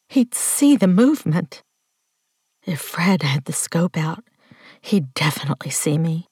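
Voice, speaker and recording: A woman narrating a first-person story in a hushed, tense voice, often dropping to a whisper. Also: medium pitch, no echo, studio quality. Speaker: audiobook narrator.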